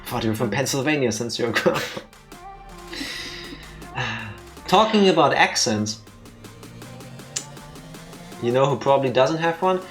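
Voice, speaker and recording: A man's voice: mid-range voice, lively intonation, a little slow, long pauses, fairly bright tone, soft background music. Jokey self-deprecating man co-host. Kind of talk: casual chat.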